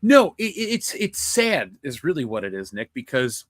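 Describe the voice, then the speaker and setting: A young man co-hosting a casual film review chat, excitable and rambling, swearing freely. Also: medium pitch, normal speed, no room sound, clean studio sound. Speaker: podcast co-host.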